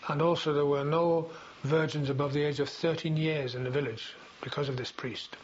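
At a moderate pace and with a steady tone, a fairly high-voiced older veteran reminisces in an oral history interview. His account meanders, peppered with fillers and restarts. Expect a dull, lo-fi sound with a faint hiss.

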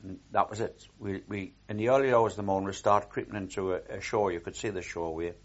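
A man's voice: low-pitched, steady tone, fast talker, muffled recording. An older man recalling his war service in a rambling oral history, with frequent restarts and repeated words.

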